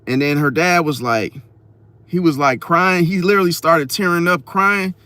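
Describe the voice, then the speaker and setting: A man telling a story in a casual vlog, slangy and profane, talking straight to his viewers with lively emphasis. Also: a little high, normal speed, no echo. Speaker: astrology vlogger.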